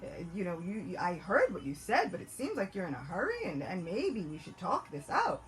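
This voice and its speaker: A woman voicing a charming, persuasive young male priest who coaxes with soft hesitant asides. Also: fairly low pitch, wildly swooping pitch, brisk, rough recording. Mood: coaxing. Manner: smooth, coaxing, hesitant fillers.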